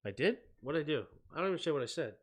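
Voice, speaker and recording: A young man hosting a live sports stream, mixing casual chat with excitable football play-by-play that climbs to shouting on big plays. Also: on the high side, racing.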